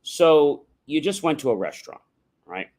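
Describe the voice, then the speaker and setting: A man's voice: a little high, sing-song, moderate pace, darkish tone. A man hosting a motivational livestream, explaining things in an instructive way and often asking "right?" as he goes. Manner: instructive, contrasts yes-no questions with open ones; rhetorical, often adds "right?". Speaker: livestream host. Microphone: livestream microphone.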